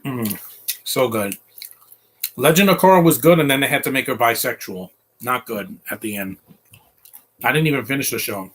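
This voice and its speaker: A man's voice: mid-range voice, expressive, moderate pace, long pauses, fairly bright tone, slight background noise. A man hosting a casual live movie commentary, opinionated, rambling and defensive.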